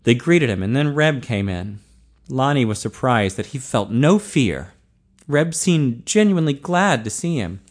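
A man reading an audiobook as narrator, in a steady, measured voice. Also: medium pitch.

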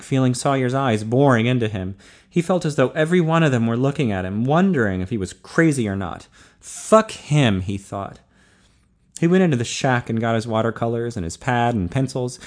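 In his middle-pitched voice, a man reads an audiobook aloud, keeping his narration clear, even, steady and measured.

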